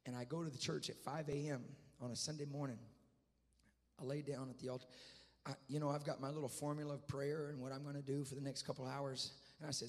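A man preaching a sermon as a traveling evangelist, telling a story quietly and then rising to loud shouted climaxes. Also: mid-range voice, fairly even intonation, quick pace, big-room sound. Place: church sanctuary.

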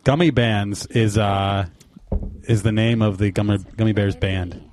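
A man's voice: fairly low pitch, fairly even intonation, a little slow, heavy background noise. A man co-hosting a podcast in casual chat, making dry, offhand remarks. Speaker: podcast co-host.

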